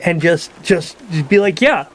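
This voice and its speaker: A man's voice: mid-range voice, normal speed, a crowd in the background. A man co-hosting a podcast, talking bluntly and profanely in casual chat, laughing often. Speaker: podcast co-host.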